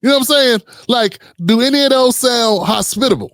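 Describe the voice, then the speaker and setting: A man's voice: extremely high pitch, fairly quick, a bit bright, no echo, clean studio sound. A man hosting a reaction commentary show, blunt and sarcastic, talking straight to his viewers. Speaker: commentary host.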